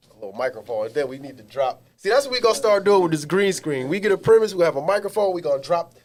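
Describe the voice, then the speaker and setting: A man's voice: a little high, fast talker, a crowd in the background. A man co-hosting a podcast, telling comic stories in slangy, emphatic casual chat from a small studio. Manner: animated storyteller, slangy and emphatic. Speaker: podcast co-host.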